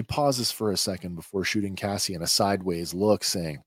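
A man with a fairly low voice talks through an episode recap in a relaxed, chatty way. He stops often on filler sounds as he finds his words. The sound is dry and close, with no room echo. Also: normal speed, few pauses, husky. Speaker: podcast host.

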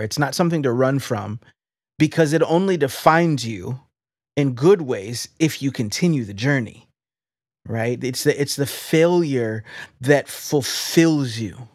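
A man's voice: mid-range voice, dry recording. A man hosting a faith-based interview podcast in a studio, talking with enthusiastic, preacherly energy and often repeating his words. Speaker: podcast host.

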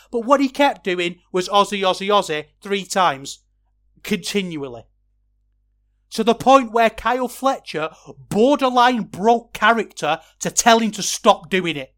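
Talking through a match review, this high-pitched wrestling podcaster keeps things casual and chatty, though he becomes animated once he starts ranting.

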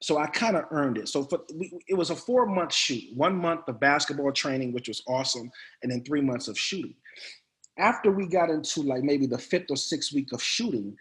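Animated man telling stories as a guest. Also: a little high, normal speed. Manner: animated, laughing storyteller. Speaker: actor guest. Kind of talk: casual interview storytelling.

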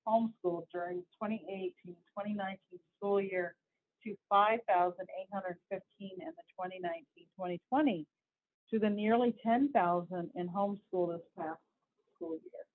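A woman's voice: medium pitch, moderate pace. A woman hosting a casual news commentary on education, talking in a chatty, rambling way with asides and restarts. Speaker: host. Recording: tinny phone-like audio.

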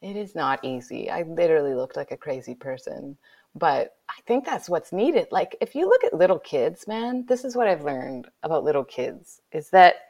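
Gravelly woman, lowish voice, tells her story all animated, drops to whispers then gets loud. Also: moderate pace. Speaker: guest, author. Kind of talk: emotional personal storytelling.

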